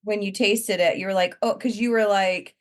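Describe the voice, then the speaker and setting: A woman co-hosting a podcast, chatting in a relaxed, agreeable way. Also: medium pitch, moderate pace. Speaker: podcast co-host. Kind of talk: casual chat.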